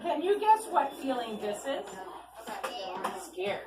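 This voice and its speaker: A woman's voice: high-pitched, slow pace, distant mic, heavy background noise. A woman author doing a storytime reading for children at an ice cream shop, coaxing them with questions. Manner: animated, coaxing, keeps asking the kids questions. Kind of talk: read-aloud storytime with children. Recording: echoey shop room, voice from afar, clear chatter.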